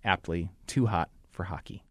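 A male podcast host talks in a relaxed, explanatory way and uses a few fillers along the way. His voice sits low and is recorded dry and close in the studio. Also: moderate pace, dry recording. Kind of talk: casual podcast chat.

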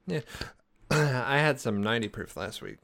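A young man hosts a casual podcast with friends, rambling along with plenty of fillers and false starts. His voice sits at an ordinary middle pitch. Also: animated, measured pace, gravelly, a bit bright. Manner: rambling, many fillers and restarts. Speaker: podcast host. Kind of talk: casual chat.

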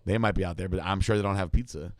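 A man hosting a relaxed chat, telling a meandering story with casual swearing. His voice sits a little low. The sound is dry and close. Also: very fast, no echo. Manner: rambling, swears, laughs at own story. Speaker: host and bodybuilding coach.

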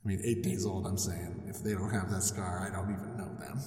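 A casual God who talks like a salesman, hushed and low, as a man puts him on. The voice sits below his usual register, soft and coaxing, with reverb and a little music behind. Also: very slow, distant mic. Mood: persuasive. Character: smooth-talking casual God, pitchman voice.

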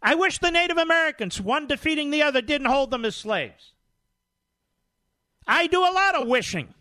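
A man's voice: very high-pitched, lively intonation, sharp tone, dry recording, studio quality. A man hosting a talk radio show, scornful, indignant and combative in his commentary. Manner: indignant, scornful, rapid-fire.

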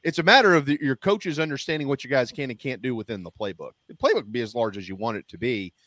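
A man's voice: medium pitch, quick pace, fairly bright tone, no room sound, clean studio sound. A man, a former college quarterback, talking football frankly as a guest. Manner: frank, explanatory. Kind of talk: casual sports talk.

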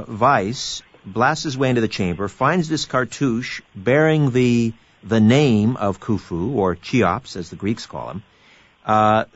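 Low-voiced male interview host. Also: no echo. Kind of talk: interview questions. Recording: dull lo-fi audio.

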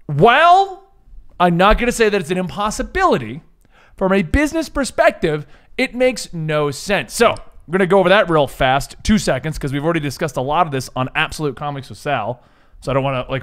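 A man hosting a comics podcast with a high, bright-sounding voice that rises and falls a great deal. He talks in a lively, joking, enthusiastic way, chatting casually with his co-hosts. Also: smooth. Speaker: podcast host.

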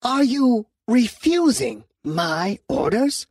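A man voicing a small, furry alien mob boss, haughty and menacing, speaking slowly and coldly in an audiobook. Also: extremely high pitch, sing-song, creaky, slightly rough, no room sound, clean studio sound, voice pushed up, heavily acted. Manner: slow, cold, threatening. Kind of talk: audiobook character voice.

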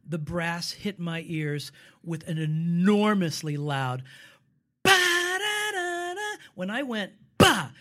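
Older man, guest actor, animated raconteur, voice sits a bit high. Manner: animated, acts out quoted voices. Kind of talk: casual interview storytelling.

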